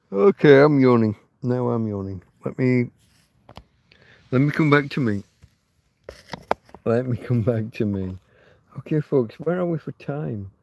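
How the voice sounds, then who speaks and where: A man hosting a casual late-night livestream from his bed, rambling and chatty, talking to his dog in a soft doting voice between asides to his viewers. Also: mid-range voice, vocal fry. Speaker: livestream host. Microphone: phone camera held close.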